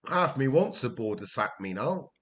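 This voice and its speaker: A man's voice: mid-range voice, very animated, moderate pace, fairly bright tone. A man from Wales giving casual commentary while playing a game, talking to himself, exasperated and swearing. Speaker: gameplay commentator.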